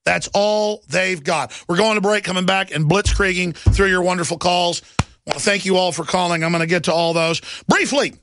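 A man hosting a political talk show, ranting sarcastically in rapid bursts. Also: high voice, fairly even intonation, a bit bright, dry recording. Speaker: talk radio host.

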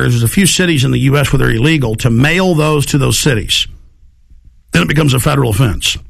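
A man hosts a talk radio show with a gravelly voice. His pitch sits a little high, and he rambles through an animated monologue, putting on voices for the people in his stories. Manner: rambling, acts out quoted voices.

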